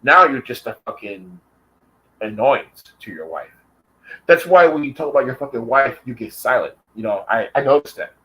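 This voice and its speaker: A man's voice: mid-range voice, expressive, normal speed, pushed and bright, highs cut off. An American man delivering an angry, profane vlog rant, taunting and calling out his target directly. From United States. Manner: profane and confrontational. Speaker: vlogger.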